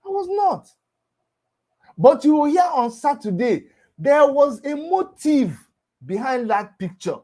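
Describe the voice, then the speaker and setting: A man in his fifties with a Nigerian accent, giving a mocking monologue in lively Pidgin-laced talk and laughing between lines. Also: very high-pitched, slow pace, long pauses. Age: 50s.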